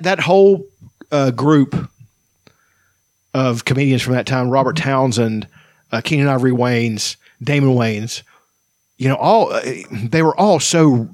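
A man's voice: mid-range voice, a little slow, no echo, studio quality. A man casually reacting to film clips, laughing often, swearing and rambling loosely. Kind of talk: casual chat.

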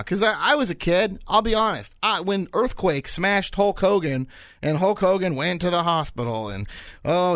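A man in his thirties hosting a solo podcast, talking in an animated, rambling way and repeating his points for effect. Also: on the high side, no echo. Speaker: podcast host.

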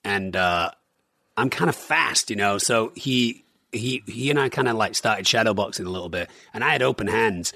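A man telling stories in an animated, casual way, full of fillers, as a guest in a conversation. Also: on the low side, normal speed, creaky, dry recording, clean studio sound. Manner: animated storyteller, lots of fillers like "like". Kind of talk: casual storytelling.

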